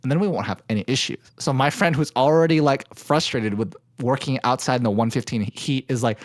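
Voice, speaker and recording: A young man telling stories casually on a podcast, animated and acting out the voices of others. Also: mid-range voice, a little fast, no room sound, studio quality. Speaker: podcast co-host. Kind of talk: casual storytelling.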